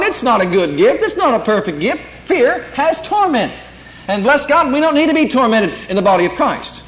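A man's voice: very high-pitched, a bit bright. A man preaching a sermon, emphatic and calling out for amens as he teaches. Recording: echoey room, faint noise.

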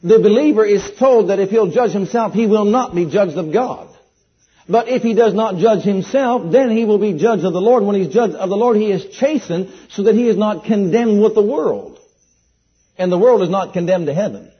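A man's voice: high-pitched, moderate pace, slightly rough. A man preaching a sermon in an earnest, emphatic way, repeating key phrases and quoting scripture. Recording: dull lo-fi sound.

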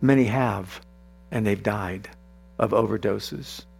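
A man's voice: fairly low pitch, slow pace, vocal fry, a little mellow, husky. A man preaching a sermon in an earnest voice that rises into fervent prayer. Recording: mains hum behind the voice.

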